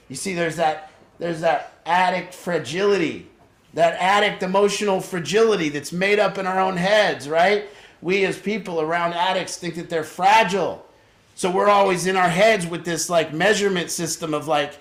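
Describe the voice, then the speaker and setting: A man's voice: high-pitched, moderate pace, reverberant. A man leading a family group for an addiction program, telling blunt, profane stories and acting out the people in them. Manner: blunt, profane storytelling with voiced impressions.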